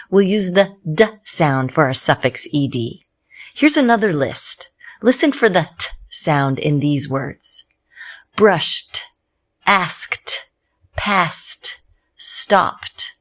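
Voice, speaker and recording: Slow, clear-spoken woman teaching phonics. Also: fairly low pitch. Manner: slow, clear, sounding out letters. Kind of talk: phonics lesson.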